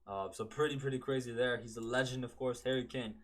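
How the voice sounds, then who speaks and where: Rambling football podcast host. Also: male voice, mid-range voice, fairly even intonation, fast talker. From Canada. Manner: rambling, self-correcting, keeps saying "man". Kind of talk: casual solo podcast chat.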